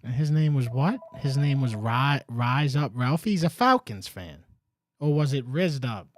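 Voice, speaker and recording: A man's voice: medium pitch, lively intonation, unhurried. A man hosting a call-in sports talk show, blunt and profane, rambling between calls. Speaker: sports radio host.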